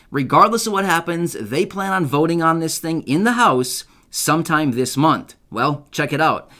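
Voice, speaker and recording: A YouTube news host with a slightly high, somewhat bright voice does casual direct-to-camera commentary. He's chatty and upbeat, keeps asking viewers "right?" for agreement, and speaks loosely, correcting himself with fillers and restarts.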